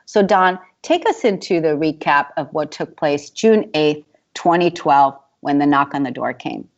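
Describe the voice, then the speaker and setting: A woman's voice: low voice, lively intonation, unhurried. A woman hosting a talk show interview who often repeats her words as she starts sentences. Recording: dull lo-fi recording.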